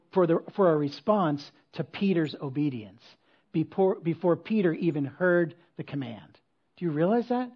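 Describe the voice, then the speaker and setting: Husky man preaching a lively sermon. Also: fairly high pitch, highs cut off. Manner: conversational preaching with quick asides and rhetorical questions. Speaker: pastor. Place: church stage before a congregation.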